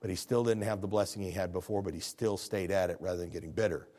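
Talking fast with a steady tone, this male pastor delivers his sermon conversationally, moving from hushed, low passages to loud, high-pitched ones.

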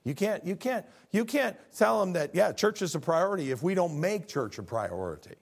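A man delivering a sermon with a slightly high voice. He preaches with earnest fervor, often repeating words as he builds toward a point. His delivery swings between hushed stretches and loud, impassioned passages. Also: big pitch swings, normal speed, gravelly, husky. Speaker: pastor.

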